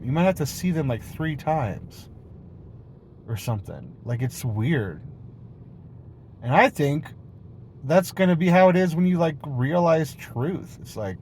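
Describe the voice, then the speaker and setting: A man talks in a loose, meandering vlog, hopping from one idea to the next with a silly, playful streak and plenty of casual swearing. His voice sits at an ordinary middle pitch, with a faint hiss of noise underneath. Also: darkish tone. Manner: meandering, jumps between topics, swears freely. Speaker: vlogger. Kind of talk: rambling casual monologue.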